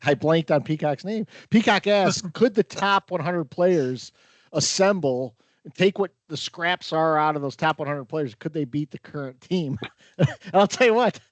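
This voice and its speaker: A man with a fairly high voice talks through casual sports chat, stumbling over repeated words in a wry tone. The sound is dry and close to the mic. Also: moderate pace, no room sound. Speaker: podcast co-host.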